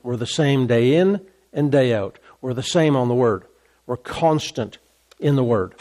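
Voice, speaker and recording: A man's voice: medium pitch, darkish tone. A male pastor preaching a sermon, repeating key words for emphasis and asking rhetorical questions.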